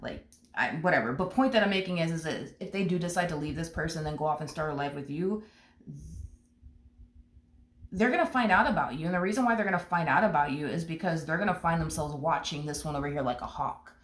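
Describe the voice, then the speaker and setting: Speaking low and quickly, a woman does a laid-back tarot reading where she cusses freely, stays blunt and forceful, and hammers the same points again. The room gives her voice an echo.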